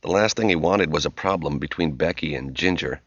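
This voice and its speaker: A man reading a novel aloud as narrator, in measured, expressive storytelling. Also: very deep voice, no echo. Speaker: audiobook narrator. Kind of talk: scripted narration. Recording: dull, muffled audio.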